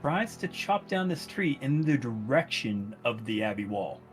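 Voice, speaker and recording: A man's voice: mid-range voice, big pitch swings, unhurried, faint music behind. A man playing in a tabletop game, casually narrating what his character does. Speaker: player.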